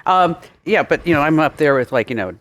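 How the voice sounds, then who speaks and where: A man's voice: fairly high pitch, brisk. A man co-hosting a radio show in casual, joking banter, telling rambling stories. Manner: joking, animated, rambling storyteller. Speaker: co-host. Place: radio studio. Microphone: studio microphone.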